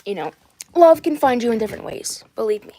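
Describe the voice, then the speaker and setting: A woman hosting a casual doll livestream, rambling and often clearing her throat. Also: fairly high pitch, animated, fast talker, warm tone. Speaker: doll channel host.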